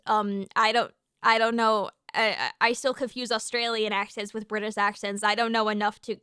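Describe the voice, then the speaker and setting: A young woman streaming, chatting casually and excitedly, with sudden shouted outbursts. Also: mid-range voice, clear, resonant tone, no room sound, clean studio sound. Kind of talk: casual live-stream chat.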